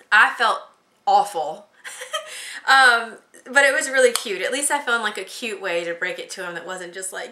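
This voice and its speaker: Young woman vlogging, chatty and giggly, bright voice, echoey room. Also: a little high. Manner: chatty, giggly storytelling with lots of fillers. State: pregnant. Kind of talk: casual chat.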